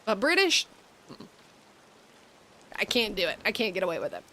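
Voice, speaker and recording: A young woman from the United States talks casually to her stream audience while she plays. Her voice sits at a mid pitch, and her chat rambles along, full of ums and likes. Faint rain patters behind her. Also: sing-song, moderate pace, pushed and bright, slight background noise, low-quality recording. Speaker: game streamer.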